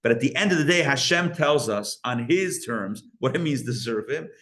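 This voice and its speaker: A male rabbi telling a story in a live Torah class, conversational and animated, often restarting his sentences and using Yiddish and Hebrew religious terms. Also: mid-range voice, moderate pace.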